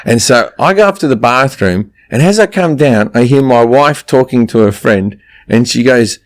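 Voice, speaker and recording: A man's voice: medium pitch, lively intonation, normal speed. A middle-aged man with an Australian accent, telling crude stories in casual podcast chat. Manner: profane, rambling storytelling. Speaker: guest comedian.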